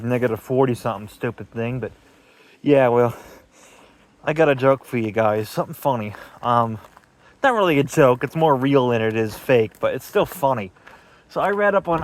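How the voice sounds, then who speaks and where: A young man rambling casually and crudely in a vlog, swearing often, talking outdoors in the cold. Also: medium pitch. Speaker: DIY vlogger.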